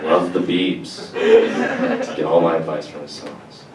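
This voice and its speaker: Over a noisy crowd at a college venue, a young man delivers a stand-up set in a rumbling low voice at a measured pace, drawing audience laughter. His deadpan, slangy, profane style includes mocking people in put-on voices, captured in an echoey room with a distant mic and loud ambience.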